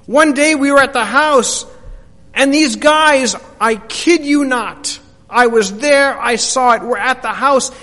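Brief: a high-pitched male preacher in dramatic monologue, slow and animated, reverberant hall. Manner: animated storytelling, hushed to shouting. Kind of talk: first-person dramatic monologue.

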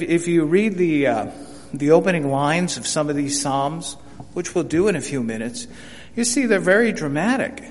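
An older man teaching a Bible study in a folksy, conversational way, often repeating words and acting out the lines he quotes. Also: fairly high pitch. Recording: reverberant hall with faint hum.

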